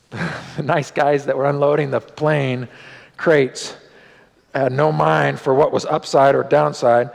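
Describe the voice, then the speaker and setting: A male pastor telling a story in a sermon, animated, his voice rising and dropping for drama. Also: mid-range voice, creaky. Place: church sanctuary. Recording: long church hall reverb.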